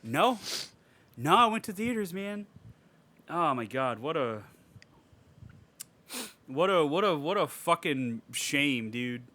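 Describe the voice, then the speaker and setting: A man's voice: a little high, very animated, slow pace, long pauses, pushed and bright. A young man co-hosting a casual podcast film review, ranting animatedly with plenty of profanity and laughter. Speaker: podcast co-host.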